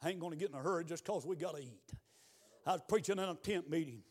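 A man preaching a revival sermon in a church, moving between quiet storytelling and shouted exhortation. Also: a little high, fast talker. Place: church building.

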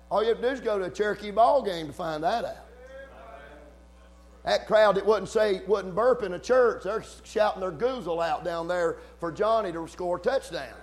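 A man preaching a fervent sermon in church, rising to shouts between folksy asides. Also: high voice.

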